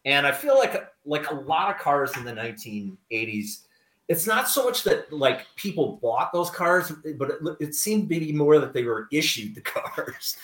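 A man's voice: fairly high pitch, very animated, normal speed, fairly bright tone, roomy sound. A middle-aged man, a guest telling stories in casual radio chat with dry, self-deprecating humor. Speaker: guest writer.

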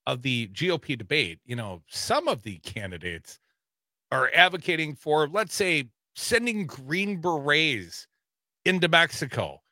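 A man's voice: a little high, sharp tone, no room sound, studio quality. A man co-hosting a casual political talk radio show with wry, teasing banter. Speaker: radio co-host.

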